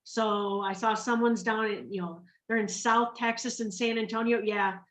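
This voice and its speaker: A woman's voice: on the high side, steady tone, normal speed, fairly bright tone, roomy sound, far from the mic. A woman from Minnesota telling her story to an online group, acting out the voices of the people she quotes. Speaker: guest speaker on a training call.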